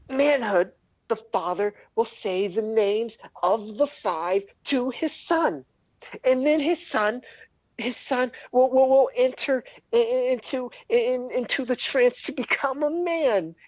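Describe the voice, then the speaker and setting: Give me a man playing a shrill, rule-obsessed gnome who lectures and nags. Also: lo-fi sound, exaggerated voice. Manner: scolding, insistent, repeats himself. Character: shrill, strict male surface gnome, zealous about rules.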